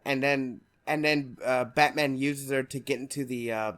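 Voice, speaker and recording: A man's voice: mid-range voice, steady tone, moderate pace, fairly bright tone. A male podcast co-host talking casually about a film, rambling and laughing often.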